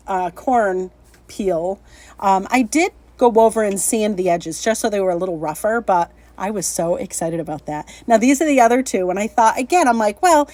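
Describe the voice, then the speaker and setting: A woman hosts a casual craft tutorial vlog, chatty and upbeat, often laughing and poking fun at her own slips. Her mid-range voice is a little mellow, on a dry recording.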